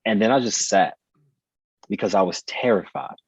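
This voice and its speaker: A man's voice: on the low side, moderate pace, slightly rough, dry recording, lo-fi sound. A man in his thirties, a podcast guest telling a personal story in an earnest, reflective way, repeating phrases for emphasis. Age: 30s.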